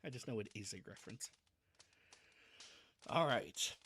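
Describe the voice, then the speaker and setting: A man's voice: on the low side, lively intonation, unhurried, a bit bright, a little hiss or hum. A man chatting casually on a livestream before reading a novel aloud. He is self-deprecating and restarts his sentences often.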